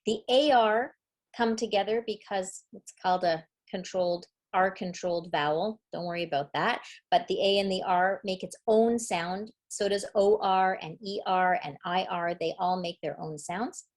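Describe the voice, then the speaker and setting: A woman's voice: medium pitch, normal speed. A middle-aged woman teaching a parenting webinar on early reading, upbeat and demonstrative, explaining step by step. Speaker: literacy educator.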